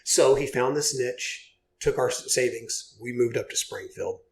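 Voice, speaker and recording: Forties man, podcast guest, mid-pitched, heartfelt and earnest, full of you-knows. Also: a little slow, gravelly, slight background noise. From Oklahoma. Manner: earnest, heartfelt storytelling with many fillers. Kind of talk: casual podcast interview.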